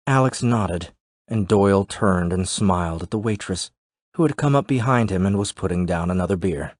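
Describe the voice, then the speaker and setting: A man narrating a thriller audiobook in a steady, measured way. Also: deep voice, dry recording, clean studio sound.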